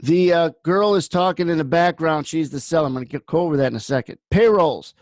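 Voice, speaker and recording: A man's voice: fairly high pitch, quick pace, dry recording. A man hosting a trading room, giving blunt market commentary that wanders into personal stories. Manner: blunt, rambling storyteller.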